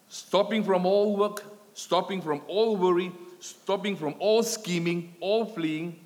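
A man preaching a sermon, swelling and dropping his volume with emphatic repetition, in a church hall. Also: fairly high pitch. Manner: dramatic swells and drops in loudness, emphatic repetition. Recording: long hall reverb.

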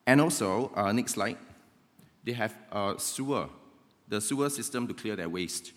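Low-voiced pastor preaching. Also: male voice, animated, normal speed, fairly bright tone. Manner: conversational, with frequent "right?" check-ins. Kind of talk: sermon. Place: church hall. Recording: long reverb of a church hall.

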